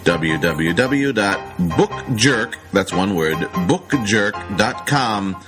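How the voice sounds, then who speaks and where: A man's voice: lowish voice, animated, takes it slowly, low-quality recording. A man reading a scripted book promotion in a dramatic, insinuating way. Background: music.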